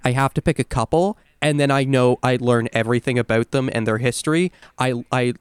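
A man co-hosting a casual podcast, talking with eager enthusiasm and drifting into long explanations. His voice is smooth and clear. The sound is dry and close, with no room around it. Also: medium pitch, fairly quick, no echo. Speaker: podcast co-host. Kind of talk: casual chat.

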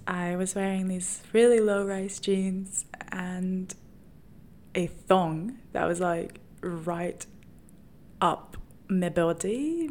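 A woman's voice: mid-range voice, darkish tone. A young woman hosting her own podcast, telling a personal story in a candid, self-mocking way and often laughing at herself. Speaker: podcast host.

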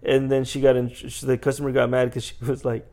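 A man's voice: flat delivery, fairly quick, warm tone. A young man in casual chat, telling jokey stories about his work as a store manager and putting on customers' voices. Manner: jokey storyteller, acts out customers with high voices.

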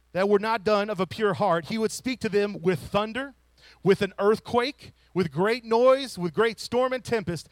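A man preaching a sermon, rising to loud emphatic lines and falling to soft hushed ones. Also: high voice, no room sound. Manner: drops to a whisper to show a still small voice.

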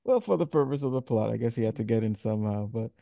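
A man's voice: mid-range voice, animated, fast talker, gravelly, warm tone, no room sound. Dry-voiced man rambling through a movie recap. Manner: laughing, rambling recaps with fillers. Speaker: podcast host. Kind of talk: casual movie review chat.

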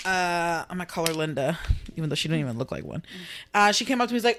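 A young woman co-hosting a podcast, chatting casually in a blunt, sassy way and chiming in quickly. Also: lowish voice, animated, a bit bright. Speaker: podcast co-host. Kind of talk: casual chat.

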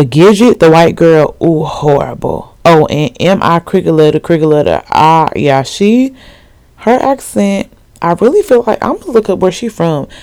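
A woman's voice: low voice, warm tone, dry recording. A woman in her twenties hosting a solo podcast in a rambling, slangy chat full of asides and fillers. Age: 20s. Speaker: podcast host.

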